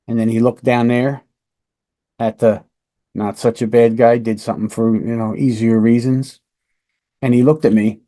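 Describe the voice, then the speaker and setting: A man's voice: medium pitch, little pitch movement, moderate pace, pauses often, dark tone. A man, a police lieutenant hosting a podcast, telling a case story to teach an interview technique, conversational and emphatic. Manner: conversational, emphatic, asks "right?". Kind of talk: instructional storytelling.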